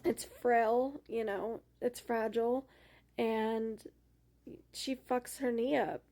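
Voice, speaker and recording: A woman's voice: a little high, fairly even intonation, slow, mellow. A young woman chatting casually about a book for her book club, rambling with lots of fillers.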